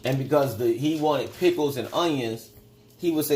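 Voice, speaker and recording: A man's voice: medium pitch, normal speed, a little mellow, slight background noise. A man hosting a casual livestream who tells rambling, profane stories in a loose, offhand way. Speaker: livestream host and spiritual teacher.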